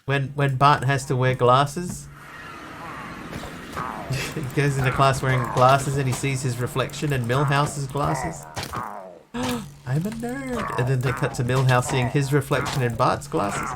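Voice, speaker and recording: A man's voice: mid-range voice, level tone, unhurried, music in the background. A man streaming a game, chatting casually and rambling as he thanks viewers. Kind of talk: casual live-stream chat while gaming.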